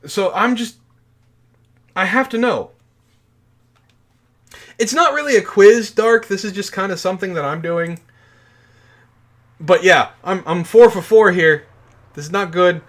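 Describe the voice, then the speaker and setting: In his forties and with a strikingly high voice, this man co-hosts a podcast and chats casually. He tells animated stories and swears freely, keeping a measured pace with frequent pauses.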